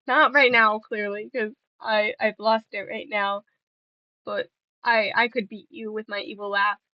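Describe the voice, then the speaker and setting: A woman's voice: medium pitch, flat delivery, unhurried, no room sound, highs cut off. A young woman streaming and chatting casually with viewers, playful and giggly, rambling between stories.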